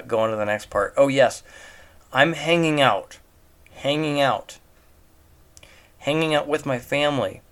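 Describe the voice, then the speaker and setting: Recorded at home, a movie reviewer with a medium-pitched, a-bit-bright voice offers casual remarks on a film. He mocks what he sees, asking one disbelieving rhetorical question after another.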